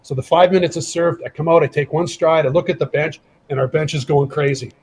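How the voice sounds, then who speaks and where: This man's voice is a little high, brisk, and husky, captured on a rough recording. He's middle-aged, once a pro hockey enforcer, and he's guesting on a podcast. He spins a casual story with lively energy, performing each line of quoted dialogue.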